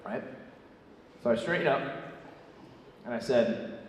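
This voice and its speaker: A brash young man performing stand-up in a theatre, cursing freely and checking in with the room as he goes. His voice sits at an ordinary pitch and comes from well off the microphone. It carries a long, echoing hall reverb over a faint hiss. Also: moderate pace. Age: young adult. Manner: brash, profane, tosses in asides like "right?". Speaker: stand-up comedian. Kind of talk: stand-up comedy set. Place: theatre stage before a live audience. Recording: echoey theatre hall from far off.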